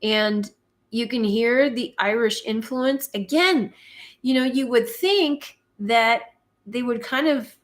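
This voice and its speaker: Slow-talking Canadian woman hosting a live chat. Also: fairly high pitch. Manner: unhurried and conversational, with frequent ums and light laughs. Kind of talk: casual live-stream chat, answering viewer comments.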